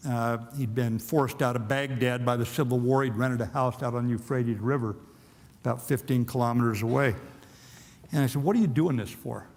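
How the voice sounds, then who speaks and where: Older male speaker, plainspoken and blunt, telling a story to an auditorium crowd, mid-range voice with a long reverb tail. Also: medium pitch. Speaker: guest speaker. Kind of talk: storytelling speech to an audience. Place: university auditorium.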